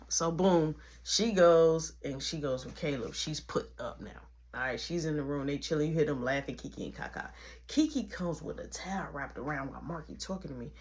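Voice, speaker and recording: Woman, casual storytime, slangy, lively pitch, acts out voices. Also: moderate pace. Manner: animated, slangy, acts out every voice.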